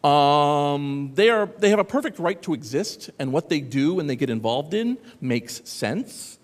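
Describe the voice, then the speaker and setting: A man speaks at a conference in a big reverberant hall, his pitch bouncing up and down as he talks. He is sarcastic and animated and keeps drifting into asides to the crowd. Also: measured pace. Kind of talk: lively conference talk. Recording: echoey hall.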